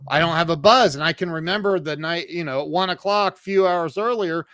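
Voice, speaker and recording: Halting American man telling a story. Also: fairly high pitch, fairly bright tone, clean tone, no echo, clean studio sound. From United States. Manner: halting, many restarts and fillers. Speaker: guest. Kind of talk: storytelling in an interview. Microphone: remote call.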